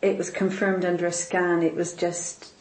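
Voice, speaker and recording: Woman, interviewee, emotional, halting and repetitive, lowish voice, echoey room. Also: level tone, a little mellow. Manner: halting, repeats words, tearful at moments. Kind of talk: personal faith testimony. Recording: roomy echo.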